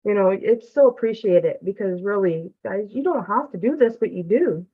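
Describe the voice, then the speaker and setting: A woman's voice: mid-range voice, expressive, normal speed, husky, no echo. A woman member sharing a heartfelt testimonial on a group call, earnest and close to tears. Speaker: student member of the community. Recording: dry, tinny phone-like line.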